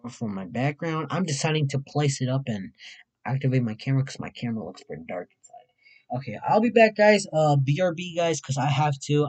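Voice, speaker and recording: A man from Mexico hosting a casual weather livestream, excitable and rambling, often repeating himself. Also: mid-range voice, rough recording.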